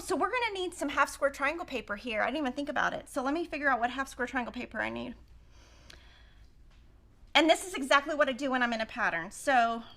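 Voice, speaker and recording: Chatty gravelly-voiced woman host. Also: high voice, pushed and bright. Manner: chatty storyteller, thinks aloud over math. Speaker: quilting show host. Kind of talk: casual chat while cutting fabric.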